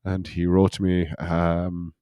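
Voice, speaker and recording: Man, low voice, casual podcast talk, halting with restarts, dry close mic. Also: completely flat delivery, warm tone, clear, resonant tone, no echo. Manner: halting, many fillers and restarts, quick to laugh. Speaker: podcast co-host. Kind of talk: casual chat.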